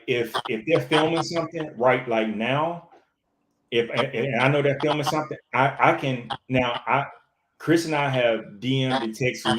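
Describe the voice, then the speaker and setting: A man, an actor, talking casually in an interview, animated and full of restarts and fillers. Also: mid-range voice, reverberant, noisy background. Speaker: actor, podcast guest.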